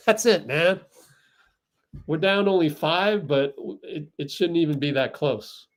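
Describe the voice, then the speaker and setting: A man hosting a fan livestream, giving excitable live play-by-play and getting outraged at the referees. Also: fairly high pitch, takes it slowly.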